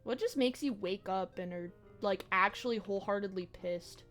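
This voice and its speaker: With soft background music playing, a young woman games on stream and chats in a medium-pitched, slightly bright voice at a moderate pace. Her talk is rambling and reflective, full of slang and curse words.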